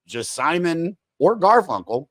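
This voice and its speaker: A man's voice: on the high side, big pitch swings, measured pace, dry recording. A man hosting a podcast, rambling with enthusiasm, full of "dude" and "like" and casual swearing. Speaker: podcast host.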